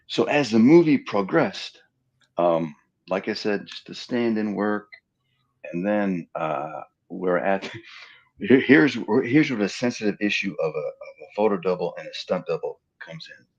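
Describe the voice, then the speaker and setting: Through dull audio on a remote live-stream call, a middle-aged film stand-in and double guests on an interview, speaking somewhat slowly in a lowish voice. He recounts anecdotes in a lively, casual way, acting out what other people said.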